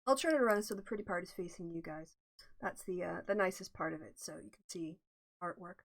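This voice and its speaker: A woman's voice: lowish voice, fairly quick, gravelly. A middle-aged woman hosting a casual livestream, talking through polling in a chatty, analytical way and greeting her viewers. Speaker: livestream host. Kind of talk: casual political livestream chat.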